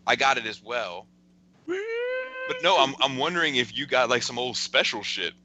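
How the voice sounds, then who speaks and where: A man's voice: mid-range voice, expressive, moderate pace. A man co-hosting a casual toy-collecting podcast, rambling with many fillers, restarts and curses. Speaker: podcast co-host. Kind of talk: casual chat.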